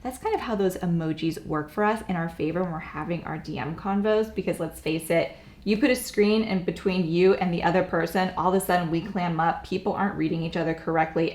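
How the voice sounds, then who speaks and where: Young woman coaching, bubbly and playful, laughs a lot, a bit echoey room. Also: on the low side. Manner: upbeat, playful, laughs often. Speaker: co-host, business coach. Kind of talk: casual coaching chat. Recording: roomy echo.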